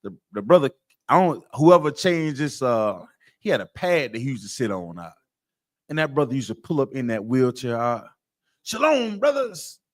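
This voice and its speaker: A man's voice: mid-range voice, lively intonation, moderate pace. A man teaching a scripture class in an emphatic, streetwise, repetitive way. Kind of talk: preaching-style class lecture.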